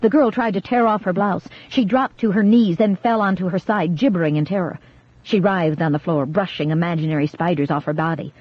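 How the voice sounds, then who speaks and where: An audiobook narrator giving steady, measured scripted horror narration. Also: mid-range voice, dry recording. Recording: dull lo-fi dry recording.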